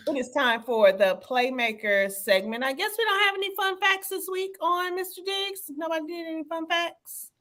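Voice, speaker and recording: A woman hosting a sports podcast, animated and playful, laughing with her co-hosts. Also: very high voice, normal speed, few pauses. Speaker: podcast host. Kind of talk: casual chat.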